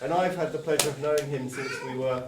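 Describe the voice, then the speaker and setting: A man's voice: mid-range voice, fairly even intonation, fast. A man giving a jokey, affectionate toast to an old friend at a wedding. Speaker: wedding guest giving a speech. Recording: roomy hall, distant mic, very noisy. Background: loud crowd of guests.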